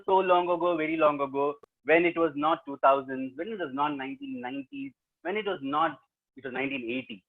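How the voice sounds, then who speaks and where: A South Indian man whose voice is on the high side tells stories for a living, and here he teases an online audience playfully while speaking straight to them during an interactive webinar. The tinny audio comes from a laptop mic over a video call.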